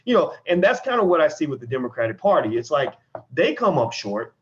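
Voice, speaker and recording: A man giving casual, animated political commentary, swearing and slipping into mock voices to make his point. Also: a little high, a little fast, lo-fi sound. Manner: animated, profane, slips into mock voices for emphasis.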